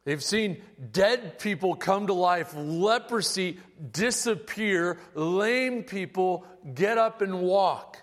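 Animated preacher man in a reverberant hall. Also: sits high, takes it slowly, few pauses. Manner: casual storytelling, animated and humorous. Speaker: pastor. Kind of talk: sermon.

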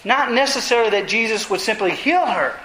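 A man with a high, sharp voice preaches an expository sermon briskly and with animation. He earnestly retells scripture passages and presses his points hard, in a room with noticeable echo and slight background noise.

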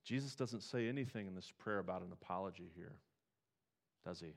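A man preaching a sermon in a conversational way, asking the congregation rhetorical questions and building to emphatic high points. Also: fairly quick, gravelly. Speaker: pastor.

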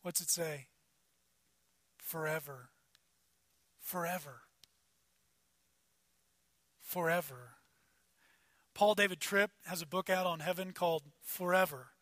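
High, bright-voiced male preacher. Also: normal speed, no echo. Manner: conversational preaching, swings between loud emphasis and quiet asides. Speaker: pastor. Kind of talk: sermon.

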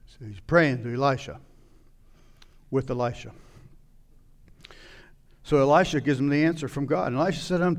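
A man preaching a sermon, retelling a scripture story and acting out its scenes with sudden loud outbursts. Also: on the high side, brisk. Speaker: pastor.

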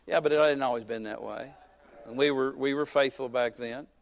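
A man in his fifties, a pastor preaching a sermon who tells a personal story with joking asides and swings between loud and soft. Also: medium pitch, fairly even intonation, brisk, creaky.

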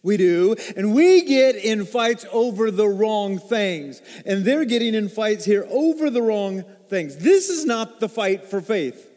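Man, pastor, sermon, high voice, loud emphasis then hushed asides, long hall reverb. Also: expressive, measured pace, hardly any pauses. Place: church sanctuary.

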